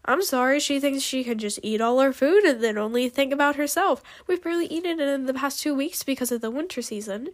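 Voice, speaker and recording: A woman reading a story aloud, voicing a blunt, sarcastic human survivor with a sharp tongue. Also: a little high, a little slow, lightly acted. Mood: snappish.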